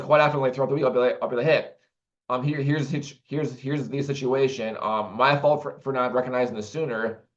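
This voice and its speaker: A man talking casually to the camera in a rambling way, with many restarts and fillers. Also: mid-range voice. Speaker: vlogger. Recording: dull lo-fi recording.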